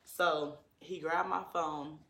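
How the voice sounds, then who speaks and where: A man's voice: on the high side, fairly even intonation, takes it slowly, vocal fry, sharp tone, echoey room. A man telling a personal story to his viewers in an earnest, emotional way, full of likes and ums.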